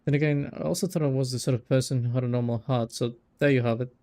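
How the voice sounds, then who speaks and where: A man's voice: mid-range voice, fairly even intonation, quick pace, warm tone. A young man reading a visual novel aloud as a let's play, rereading lines that trip him up and breaking off for casual remarks.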